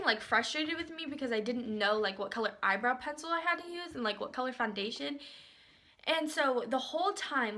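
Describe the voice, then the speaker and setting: A young woman in her late teens chatting through a storytime vlog, filling her talk with "like" and acting out what others said. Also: a bit bright. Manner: chatty, lots of filler "like"; acts out other people's lines with big pitch jumps. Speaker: vlogger.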